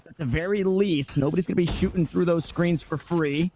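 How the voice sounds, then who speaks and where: A man casting an esports match with play-by-play commentary, talking in excited bursts with frequent restarts. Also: on the high side, brisk, a little hiss or hum. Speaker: esports caster.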